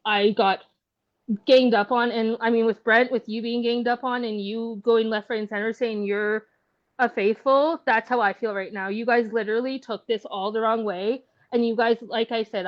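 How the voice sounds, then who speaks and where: A woman's voice: on the high side, steady tone, normal speed, lo-fi sound. A woman contestant giving a defiant, emotional speech after being voted out, upset and fighting back tears, swearing and defending herself. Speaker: game contestant.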